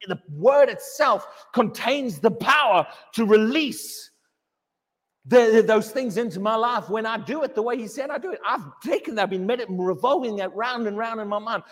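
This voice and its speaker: High-voiced man preaching in an echoing hall. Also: expressive, moderate pace. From England. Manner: emphatic, repeats words, mocks a wailing believer in a high voice. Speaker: pastor. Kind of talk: sermon. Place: church hall. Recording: long hall reverb.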